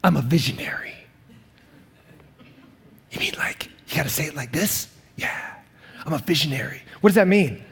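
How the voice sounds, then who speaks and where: A man's voice: sits high, lively intonation, fast talker, vocal fry, slightly rough, full character voice. A man putting on a mumbling young dreamer. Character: vague young male would-be visionary.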